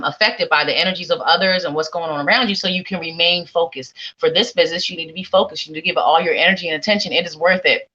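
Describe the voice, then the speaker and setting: A woman giving a live psychic tarot reading, talking straight to her viewers in a warm, rambling way and repeating her phrases. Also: fairly low pitch, dull audio. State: sleepy.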